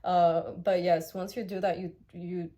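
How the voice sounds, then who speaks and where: A woman's voice: on the low side, flat delivery, unhurried, dark tone, lo-fi sound. A young adult woman talking candidly in a personal vlog, raw and heartfelt, swearing freely and circling back over her thoughts. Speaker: vlogger.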